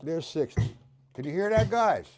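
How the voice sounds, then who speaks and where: A man's voice: a little high, very animated, normal speed, background noise. A middle-aged man teaching a live-streamed drum lesson, patiently explaining and counting aloud as he plays.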